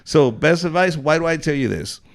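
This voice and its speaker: Loud animated man telling stories. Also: on the high side, normal speed. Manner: loud, animated storytelling, swearing a lot. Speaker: podcast host, comedian. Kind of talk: casual podcast chat.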